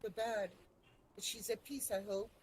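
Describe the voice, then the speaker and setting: A woman telling her character's story in character, emotional and halting, with restarts when feelings rise. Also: a little high, steady tone, slight background noise, rough recording. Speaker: roleplay player.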